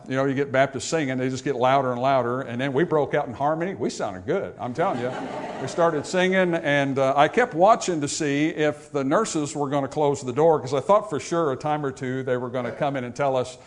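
A male pastor gives a funeral sermon, telling a story and explaining scripture conversationally. His voice is medium-pitched and a little fast.

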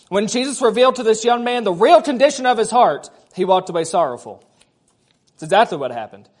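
A man preaching a sermon, conversational, with frequent rhetorical questions to the congregation. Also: sits high. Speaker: pastor.

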